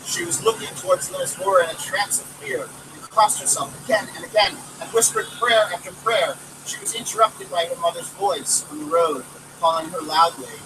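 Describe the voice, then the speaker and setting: A man reading a story aloud in a lively, expressive way, recorded outdoors from a distance with street traffic behind. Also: high-pitched, moderate pace. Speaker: volunteer reader. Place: outdoors near a city hall.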